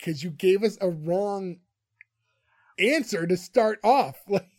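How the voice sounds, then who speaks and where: A high-pitched man with a darkish tone co-hosts a podcast, recapping a TV episode slowly and animatedly. He's chatty and laughs often as he retells scenes, in a clean, dry studio recording.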